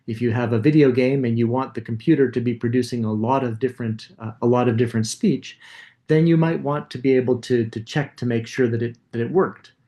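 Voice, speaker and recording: A man's voice: mid-range voice, warm tone. A man giving a coding lecture, casually thinking aloud and demonstrating code as he goes.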